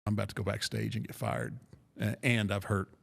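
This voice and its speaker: A middle-aged man casually telling a rambling, self-deprecating story with restarts, in a gravelly voice. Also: lowish voice, big pitch swings, brisk. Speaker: podcast guest storyteller.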